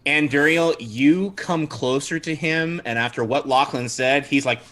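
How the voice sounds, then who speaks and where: A man narrating as game master of a tabletop game livestream, lively with frequent restarts. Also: mid-range voice, unhurried. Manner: lively, laughing, many restarts.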